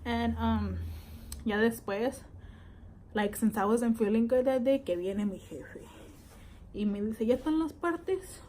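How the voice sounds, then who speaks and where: A woman's voice: a little high, fairly even intonation, measured pace, long pauses, mellow, a little hiss or hum, low-quality recording. A young woman tells a pregnancy story in a casual vlog, switching languages, chatty and swearing freely. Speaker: vlogger.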